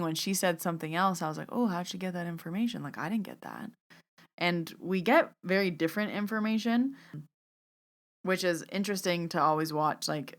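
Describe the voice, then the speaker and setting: A woman podcast host who works as a medium tells a story in a casual, chatty way, filling her talk with "like" and acting out her own thoughts. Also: sits low. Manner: chatty, frequent "like" fillers, acts out her inner thoughts.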